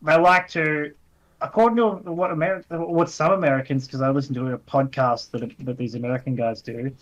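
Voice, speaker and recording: A man's voice: on the high side, fairly quick, muffled recording. A man co-hosting a podcast, jumping in eagerly and stumbling over his words. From Australia. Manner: excitable, jumps in, stammers. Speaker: podcast co-host. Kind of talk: casual chat.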